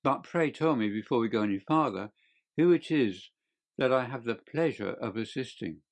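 A man reading an audiobook, voicing a calm, clever detective who speaks in a bland, measured way. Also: medium pitch, lightly acted. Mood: composed.

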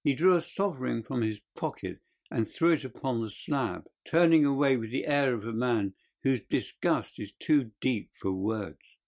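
A man narrates a story at a steady, measured pace. His voice sits in a middle pitch, even and plain. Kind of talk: audiobook narration.

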